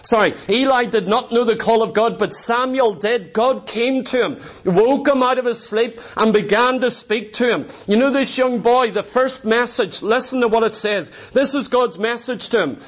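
A man with a notably high voice preaches a revival sermon. He is impassioned and emphatic and drives each point home by repeating it. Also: moderate pace, few pauses.

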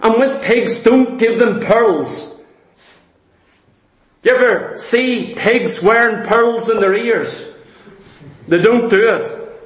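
A man's voice: very high voice, slow, pauses often, roomy sound, rough recording. A man preaching a sermon, emphatic, asking and answering his own rhetorical questions.

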